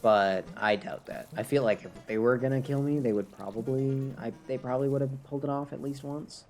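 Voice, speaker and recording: A man's voice: medium pitch, steady tone, brisk, a little mellow, faint music behind. A man with a Canadian accent, a little drunk, talking to himself in casual gameplay livestream chatter, rambling and chuckling at his own jokes. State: tipsy from drinking. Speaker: streamer.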